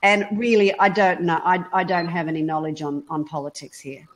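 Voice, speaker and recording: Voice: medium pitch, little pitch movement, fairly quick, slight background noise. A chatty host on a live video chat, laughing often and searching for words. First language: not a US citizen, an import to Wisconsin.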